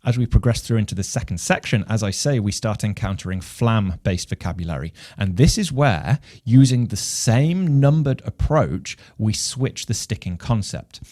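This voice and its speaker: A man, a composer and music teacher from England, giving a measured explanation of rhythm and counting beats aloud. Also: fairly low pitch, lively intonation, dark tone, dry recording, clean studio sound. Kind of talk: instructional explanation.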